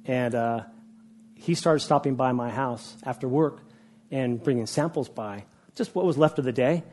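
A man in his sixties tells a personal story to a room of listeners in a mid-range voice. He talks in an animated, conversational way and often restarts his sentences. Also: mid-range voice, moderate pace, slight background noise. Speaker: speaker addressing a group.

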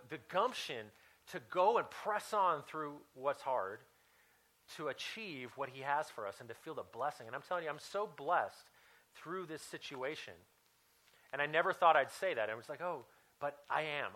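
A man's voice: fairly high pitch, sharp tone, low-quality recording. A man in his thirties preaching a sermon as a personal story, talking in a conversational way with many fillers and restarts. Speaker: pastor.

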